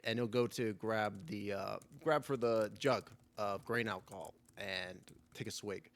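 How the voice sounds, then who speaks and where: A man's voice: fairly low pitch, fairly even intonation, unhurried, vocal fry, hardly any pauses. A man narrating a tabletop game as game master in a rambling way, full of fillers and repeated words.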